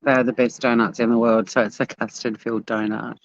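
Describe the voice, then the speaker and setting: A woman's voice: rumbling low, level tone, brisk, dry recording. An Australian woman chatting casually to her live-stream viewers at a beachside cafe, bubbly and talkative. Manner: chatty, bubbly, talks to chat while walking. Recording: dull lo-fi phone audio.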